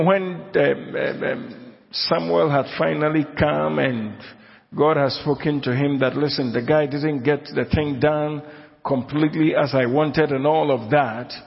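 Slow, gravelly preacher man in a hall. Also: on the high side. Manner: emphatic, repeats key phrases slowly, questions the congregation. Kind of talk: sermon. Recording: dull audio in a long-reverb hall.

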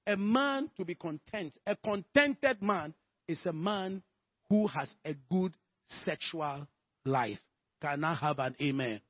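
A man's voice: a little high, lively intonation, takes it slowly, no echo, highs cut off. A man preaching a sermon, calling for amens and telling stories to make his point. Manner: rhetorical, calls for amens, storytelling.

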